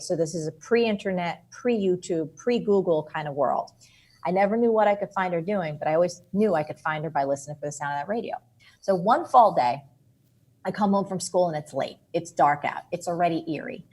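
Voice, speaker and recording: Husky, animated woman telling a story. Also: fairly low pitch, fairly quick. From New Jersey, USA. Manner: lively, expressive storyteller. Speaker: author and guest.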